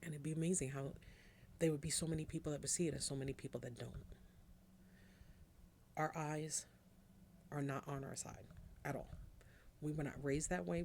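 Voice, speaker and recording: A woman's voice: low-pitched, gravelly, a little mellow, a little hiss or hum. A woman, hosting a podcast as a casual, rambling monologue, blunt and chatty with casual swearing. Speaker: podcast host.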